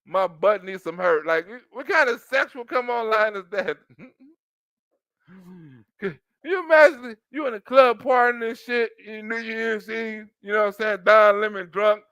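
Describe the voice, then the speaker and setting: Man, very high voice, bright, dry close sound, mocking reaction commentary, frequent laughter, slang. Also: measured pace, smooth, no echo.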